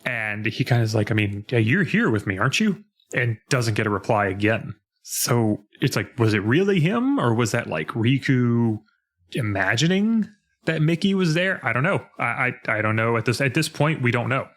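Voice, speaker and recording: A man co-hosting a podcast, chatting casually about a video game and acting out its lines in a lowered voice. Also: normal speed. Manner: animated, acts out character lines in a lowered voice. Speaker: podcast co-host.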